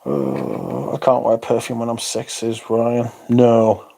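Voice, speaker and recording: A man's voice: mid-range voice, big pitch swings, slow pace, creaky, warm tone, slightly rough. A man hosting a casual livestream, chatting, swearing freely and reading out viewer comments. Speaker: livestream host reading chat.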